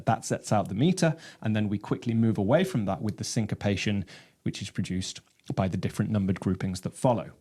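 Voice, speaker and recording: A man teaching about his own snare drum composition, explaining rhythms in a measured way and counting them aloud. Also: lowish voice, mellow. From England.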